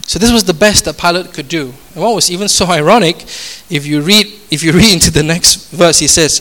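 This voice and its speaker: A man's voice: fairly high pitch, a little fast, few pauses, sharp tone. A man preaching a sermon. He speaks emphatically, repeats phrases and asks the congregation rhetorical questions. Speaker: pastor.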